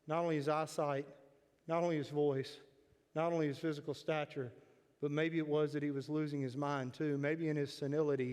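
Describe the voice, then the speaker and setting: Brief: male pastor, high voice, dramatic storytelling sermon, long sanctuary echo. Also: darkish tone. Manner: dramatic storyteller, builds to emphatic declarations. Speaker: preacher. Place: church sanctuary.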